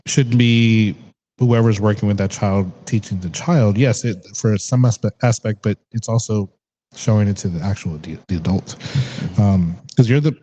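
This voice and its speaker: A man's voice: on the low side, normal speed, dark tone, breathy edge, low-quality recording. A young man hosting a casual interview, chatty and rambling, laughing often. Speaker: podcast host.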